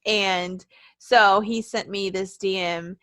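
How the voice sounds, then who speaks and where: A young woman co-hosts a podcast, chatting casually and animatedly while swearing and laughing often. Her medium-pitched voice is a bit bright with fairly even intonation and a slow pace, in a dry recording.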